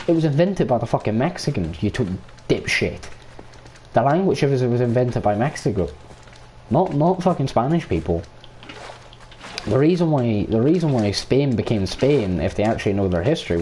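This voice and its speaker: A man's voice: medium pitch, lively intonation, moderate pace, mellow, slight background noise. An Irish man streaming a game, ranting in casual chat and swearing freely as he plays. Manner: profane, ranting, talks over gameplay.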